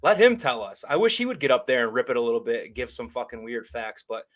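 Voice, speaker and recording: A man's voice: mid-range voice, very animated, fast talker, a bit bright. A man co-hosting a casual sports podcast, bantering with profanity and frequent laughter. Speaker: podcast co-host.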